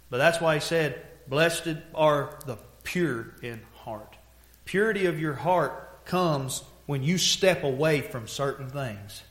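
A man preaching a sermon, telling folksy stories and moving from hushed, heavy moments to loud, pressing exhortation. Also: on the high side, roomy sound.

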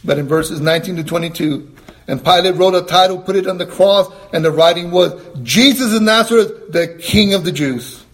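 High-voiced preacher delivering an emphatic sermon. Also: male voice, fairly even intonation. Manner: emphatic, rising to high exclamations, asks the congregation questions; quotes scripture in a slower, lower voice.

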